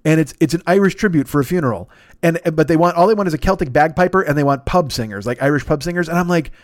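A man's voice: a little high, fast talker, no room sound, clean studio sound. A man hosting a comedy podcast, ranting in a profane and self-mocking way. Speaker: podcast host. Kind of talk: comedic rant.

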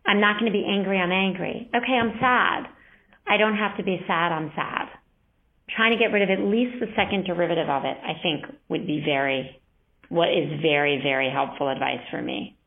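Woman interview guest, low-ish voice, earnest and measured, thin phone-line sound. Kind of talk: candid interview talk. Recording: band-limited phone-like sound.

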